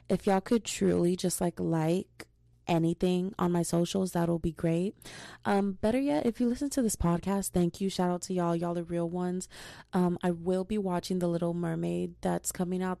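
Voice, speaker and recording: Young female podcast host, mellow and fry-heavy tone, animated casual chatter. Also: fairly low pitch, dry recording, clean studio sound. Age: young adult. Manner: gossipy, animated, slangy storytelling. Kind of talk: casual solo podcast chat.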